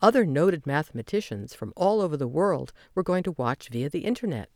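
A narrator reading a children's audiobook in a lively storytelling manner. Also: mid-range voice, fairly quick, no room sound, studio quality.

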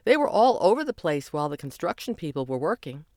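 A narrator voicing an eager, excitable boy whose father is a professor, in a storybook reading. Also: mid-range voice, fast, no echo, clean studio sound.

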